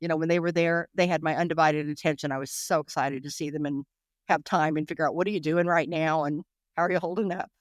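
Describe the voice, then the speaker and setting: Woman interview guest, mid-pitched, rapid and emotional, lots of restarts, dry close recording. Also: steady tone, dry recording. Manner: rapid, emotional, full of restarts and "you know". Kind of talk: candid interview recollection.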